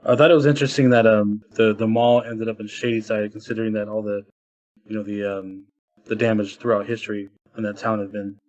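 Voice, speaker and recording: A man's voice: fairly low pitch, little pitch movement, a little fast, darkish tone. A man co-hosting a podcast in casual film review chat, laid-back and agreeable. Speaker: podcast co-host. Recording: dull lo-fi audio.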